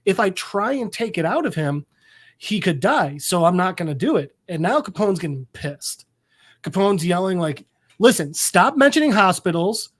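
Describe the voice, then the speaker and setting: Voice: medium pitch, expressive, normal speed, husky. Rambling podcast co-host recapping a story. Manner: rambling storytelling with many fillers; acts out quoted characters. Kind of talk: casual recap chat.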